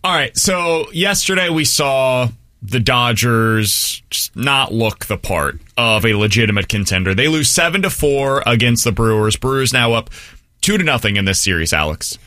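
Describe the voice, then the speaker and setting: A male sports radio host with a bright, forceful voice and dry studio sound. He argues his views at length and stops to put questions to his co-host. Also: mid-range voice, lively intonation, moderate pace, no room sound. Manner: opinionated, thinks out loud.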